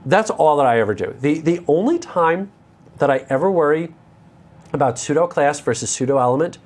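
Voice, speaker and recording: A man's voice: on the high side, animated, brisk, darkish tone. An American man teaching a live coding lesson, candid and self-deprecating, with joking asides. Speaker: instructor.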